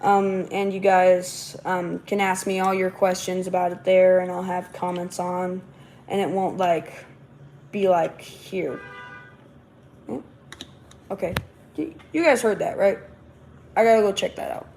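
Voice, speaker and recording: A woman's voice: lowish voice, steady tone, unhurried, long pauses, darkish tone, slight background noise. A woman hosting a casual livestream, rambling along with lots of fillers and false starts. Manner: rambling, many fillers and restarts. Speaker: livestream host.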